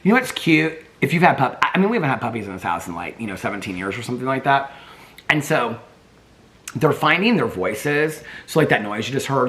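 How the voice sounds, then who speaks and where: A man chats casually at home in a daily vlog, rambling from one thought to the next. His voice is bright and forward, and his pitch swings a lot. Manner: chatty, rambling, baby-talks to his dogs. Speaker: vlogger. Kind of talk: casual chat.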